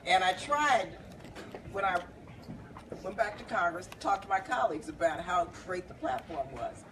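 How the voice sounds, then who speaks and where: A woman's voice: on the low side, lively intonation, moderate pace. A woman, a congresswoman hosting a reception, speaking conversationally with wry laughs, recorded from a distance. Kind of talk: speech introducing speakers. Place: bar reception room, indoors. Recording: distant camera with background noise.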